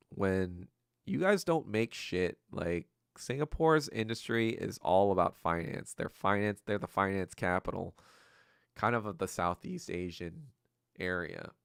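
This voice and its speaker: A young man with a lowish, gravelly voice hosts a solo podcast, rambling and ranting crudely, sarcastically, and profanely in a casual livestream style. The sound is clean and studio quality with no echo.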